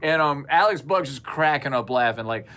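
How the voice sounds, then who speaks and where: A man's voice: medium pitch, lively intonation, moderate pace, bright, forceful tone. A man telling stories as co-host of a casual chat show, acting out voices from his childhood. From South Carolina. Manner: storytelling, acts out childhood voices. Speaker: podcast co-host. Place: small studio room.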